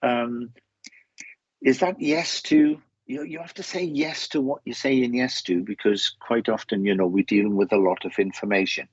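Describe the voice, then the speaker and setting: A Welsh man working as a medium gives live readings to viewers, talking in a halting way and often repeating words and starting over. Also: medium pitch, breathy edge, dry recording, dull audio. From Wales.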